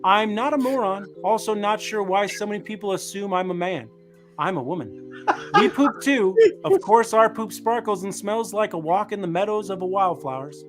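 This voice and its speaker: A man with a fairly high voice reads reviews aloud in a dry, deadpan way, like a co-host on a casual live chat show. Faint music runs underneath. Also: normal speed. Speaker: podcast co-host.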